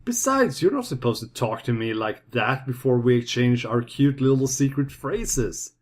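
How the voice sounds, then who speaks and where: A man voicing a dorky male secret agent who talks loudly and threatens. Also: mid-range voice, expressive, moderate pace, close to an everyday voice. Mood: indignant.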